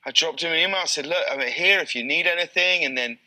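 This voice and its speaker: A man in his thirties, a talk show guest telling an animated story in casual chat, with quick bursts and many restarts. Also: on the high side, poor audio.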